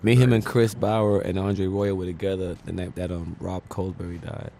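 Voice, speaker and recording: A man, an actor, watches a show and reacts in a relaxed, easily amused manner. His voice is low, with faint ambience around him. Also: normal speed, a little hiss or hum. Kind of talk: casual commentary chat.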